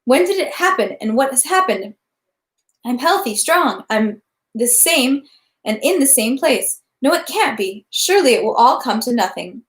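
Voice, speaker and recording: A woman's voice: sits high, sing-song, moderate pace, echoey room. A woman reading aloud the anxious, pleading lines of a young male count who is losing at cards. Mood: desperate.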